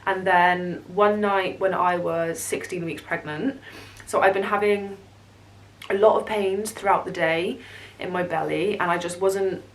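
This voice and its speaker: A young woman telling a personal story on her vlog, emotional and halting, close to tears. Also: on the low side, a little hiss or hum. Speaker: vlogger.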